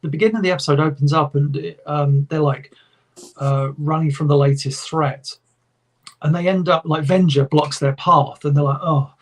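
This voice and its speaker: Brief: enthusiastic podcast host, husky, pitched a bit high. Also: male voice. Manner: enthusiastic, rambling, swears often. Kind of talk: casual chat.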